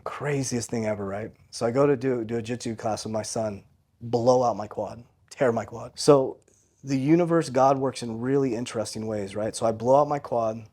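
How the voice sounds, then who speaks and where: A man's voice: medium pitch, moderate pace, a little mellow. A man in his forties, a guest on a podcast, telling a personal story in an earnest, candid way and often ending lines with "right?". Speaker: podcast guest, financial coach.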